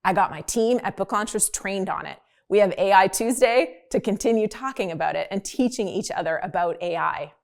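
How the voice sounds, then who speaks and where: Upbeat chatty woman hosting a video. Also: medium pitch. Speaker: host. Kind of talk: casual explainer video.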